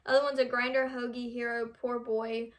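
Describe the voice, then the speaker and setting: A woman's voice: fairly high pitch, little pitch movement, normal speed. Young woman reading quiz questions aloud. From United States. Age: young adult. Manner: reads questions aloud, stumbles over words. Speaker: vlogger.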